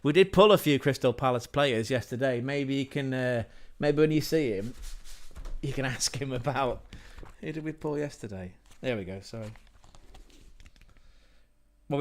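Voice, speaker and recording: An English man hosting a livestream, telling a rambling anecdote in casual, sweary speech with frequent self-corrections. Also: medium pitch. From England. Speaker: livestream host.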